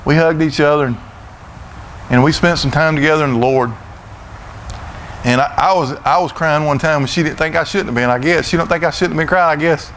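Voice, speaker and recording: A middle-aged Southern preacher man with a notably high voice, delivering a folksy sermon in a church. He talks loud and blustery, stumbling over and repeating words. A faint hiss of noise sits behind him. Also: brisk. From Florida, USA. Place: church sanctuary.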